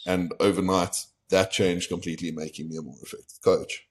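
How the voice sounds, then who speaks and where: Talking with a podcast host, a young South African man tells a long, candid personal story in a very low voice. His delivery is flat and a little fast, and he slips into the voices of people he met.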